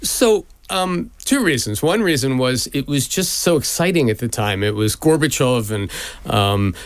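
A man's voice: medium pitch, expressive, unhurried, smooth, no room sound. A man in his fifties from the United States, a guest in a radio interview, telling stories candidly with many fillers and restarts. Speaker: guest, lawyer and businessman.

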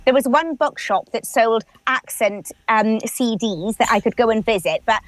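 A woman's voice: on the high side, normal speed, dry recording. A woman in her forties with a Swansea Welsh accent, chatting earnestly as an actress guest in a radio interview. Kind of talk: radio interview, casual chat.

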